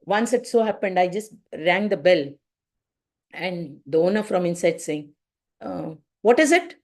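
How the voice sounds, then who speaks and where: A woman's voice: lowish voice, measured pace, darkish tone. A woman with an Indian accent giving a devotional class online, telling stories and acting out voices with lots of "you know" fillers. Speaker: spiritual class teacher. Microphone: video call.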